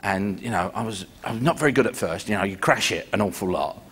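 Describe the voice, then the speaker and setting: A British stand-up comedian telling rambling, conversational stories onstage. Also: male voice, on the low side, a little fast, fairly bright tone, slightly rough. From Britain. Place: live comedy venue. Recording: live show with background noise.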